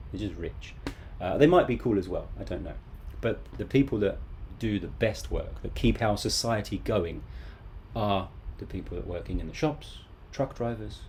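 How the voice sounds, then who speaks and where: A man's voice: lowish voice, dark tone, a little hiss or hum. A man in his thirties teaching a live online English lesson from home, casual and chatty with joking asides.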